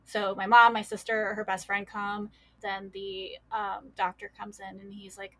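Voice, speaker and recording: A woman's voice: mid-range voice, little pitch movement, measured pace, pushed and bright. A woman guest recounting a painful personal loss in a casual, filler-heavy way. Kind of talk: personal storytelling.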